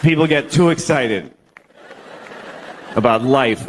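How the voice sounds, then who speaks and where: Deadpan man in his forties doing dark stand-up. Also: a little high, takes it slowly, some chatter behind, slight background noise. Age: 40s. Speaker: stand-up comedian. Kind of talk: stand-up comedy. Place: stage in a comedy venue.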